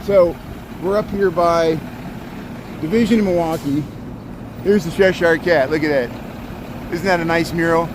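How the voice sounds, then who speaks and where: Middle-aged male vlogger, slightly high voice, rambling street-walk commentary, loud traffic behind. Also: fairly even intonation, measured pace, pauses often. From Indiana. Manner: rambling, chatty, greets passersby. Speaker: walking livestream vlogger. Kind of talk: casual running commentary while walking. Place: city street outdoors at dusk. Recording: outdoor street noise and traffic.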